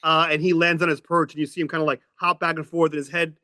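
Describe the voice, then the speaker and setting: A man narrating a tabletop game as game master, halting and improvising as he describes the scene. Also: fairly high pitch, flat delivery, sharp tone, dry recording, studio quality. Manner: halting, full of fillers and restarts while improvising.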